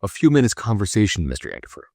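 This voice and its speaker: A man's voice: lowish voice, sing-song, very fast, gravelly, mellow, dry recording, clean studio sound, exaggerated voice. A man reading an audiobook and voicing a shifty, evasive older male Egyptian notary who speaks with a put-on foreign accent. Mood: guarded.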